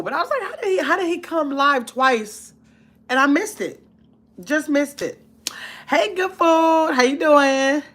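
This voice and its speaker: Woman livestream host, fairly high voice, loose conversational chat reading viewer comments. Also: a bit bright. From Wisconsin, US. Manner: chatty, greets viewers by name, colloquial.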